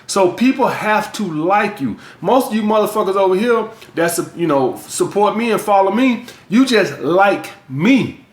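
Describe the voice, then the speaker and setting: A man's voice: high voice, lively intonation, normal speed, few pauses. A man from the US South with a Southern accent, giving blunt, profane dating and sales advice as a coach in a vlog monologue. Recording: echoey room.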